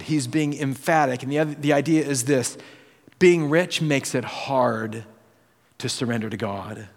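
Dramatic man preaching in a big hall. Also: on the high side. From United States. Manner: dramatic, acts out quoted voices, swings between loud and hushed. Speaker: pastor. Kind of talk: sermon.

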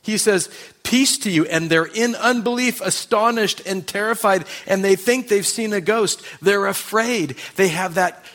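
A male pastor preaching a sermon, swinging from loud emphasis to hushed intensity. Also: sits high, measured pace, hardly any pauses.

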